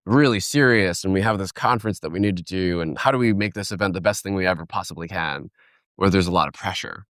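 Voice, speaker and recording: A man's voice: low-pitched, quick pace, a bit bright, no room sound, clean studio sound. A man speaking as a keynote speaker in a conversational podcast interview, telling stories animatedly and acting out quoted voices.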